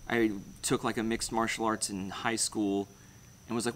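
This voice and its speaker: Here the channel host's pitch is fairly low and his tone level, with a moderate pace and a slightly bright quality. He's a young man reading viewer comments on a casual livestream, talking bluntly, rambling and cursing without restraint.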